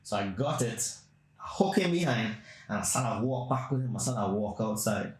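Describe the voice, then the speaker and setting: A man's voice: lowish voice, animated, normal speed. A man hosting a podcast, telling a long story in a blunt, crude, rambling way. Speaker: podcast host. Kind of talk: casual storytelling. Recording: roomy echo.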